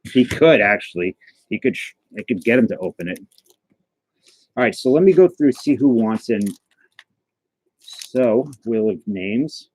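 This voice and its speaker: A man's voice: mid-range voice, lively intonation, measured pace, pauses often, a little mellow. A man hosting a casual livestream, chatting and answering his viewers as he goes. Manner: chatty, answers chat messages aloud, stumbles and restarts. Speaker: livestream host opening trading cards.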